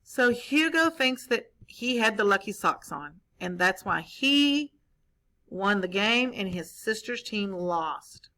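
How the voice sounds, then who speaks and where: A woman teacher reading a story to children, pausing often to explain and quiz them. Her voice is bright and clear, at an everyday pitch. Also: expressive. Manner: explaining, asks the listeners questions. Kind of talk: read-aloud lesson for children.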